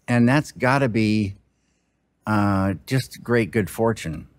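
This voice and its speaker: Slow, musing low-voiced man. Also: no echo. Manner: slow, halting, musing, with broken-off words. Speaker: film director. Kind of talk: reflective interview talk.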